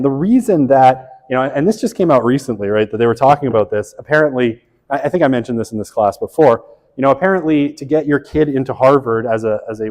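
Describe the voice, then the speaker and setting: Middle-aged male instructor, chatty and self-correcting, mid-pitched, reverberant lecture hall. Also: darkish tone. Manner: conversational, lots of "right?" tag questions; self-correcting, wry asides. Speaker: college sociology instructor. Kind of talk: classroom lecture.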